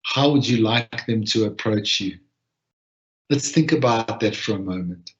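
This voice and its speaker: Man, session leader, guided reflection, gentle and unhurried, low-ish voice, dull lo-fi online audio. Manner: gentle, unhurried, with long pauses. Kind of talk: guided reflection and breathing practice.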